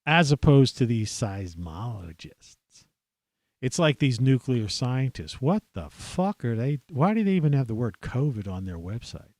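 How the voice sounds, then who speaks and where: A man's voice: medium pitch, sing-song, unhurried, darkish tone, no echo, clean studio sound. A man from the United States, hosting his own show, delivering an angry, rambling monologue full of swearing and fillers. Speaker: podcast host. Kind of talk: profane ranting monologue.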